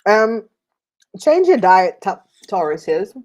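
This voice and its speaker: Slow, rambling woman tarot reader. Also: mid-range voice, sing-song, a little mellow, muffled recording. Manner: chatty, many fillers, slow and rambling. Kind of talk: casual chat while eating.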